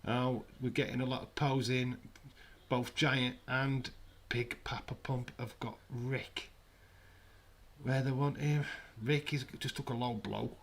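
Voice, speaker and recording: A man giving jokey, casual commentary on a live watch-along stream from his flat. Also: medium pitch, slow. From United Kingdom. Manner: jokey, banters with chat. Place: home, in a flat.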